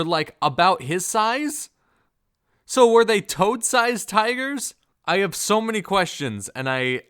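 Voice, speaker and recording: A man's voice: medium pitch, sharp tone, smooth. A man casually reviewing a film, rambling with many fillers and puzzled rhetorical questions. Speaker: movie reviewer.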